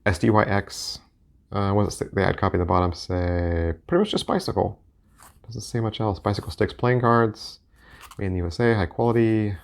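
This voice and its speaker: Rambling and thinking out loud, a deck collector and reviewer flips through his playing card collection in an easygoing way. He speaks at a normal pace in a fairly low, gravelly voice.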